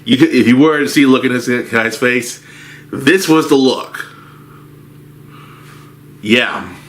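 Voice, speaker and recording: A man's voice: medium pitch, slow pace, fairly bright tone. A man telling a rambling story from his movie theater job as a casual rant, with frequent restarts.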